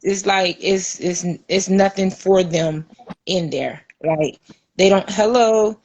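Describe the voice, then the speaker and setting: A middle-aged woman talks in a loose, conversational way as a podcast host. Her pitch sits in the middle. She tells stories animatedly and puts on the voices of the people she quotes. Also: takes it slowly, darkish tone. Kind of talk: casual chat.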